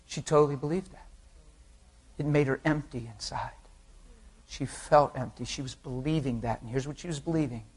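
A man preaching a sermon, telling an anecdote with lively acted quotes and laughing along with the congregation. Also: mid-range voice, normal speed, long pauses, slightly rough. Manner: animated storytelling, voices quotes, laughs with the crowd.

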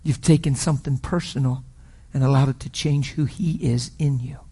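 A middle-aged man preaching, telling a personal story with emotional swings from loud declarations to hushed whispers. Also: medium pitch, fairly even intonation, normal speed, slightly rough. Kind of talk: sermon testimony.

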